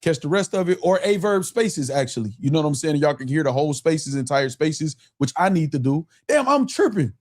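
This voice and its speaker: A man's voice: a little high, very animated, fairly quick, few pauses, a little mellow. Chatty, laughing man hosting a live stream. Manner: loose, chatty, laughs often, reads chat aloud. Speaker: live show host. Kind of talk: casual live stream commentary.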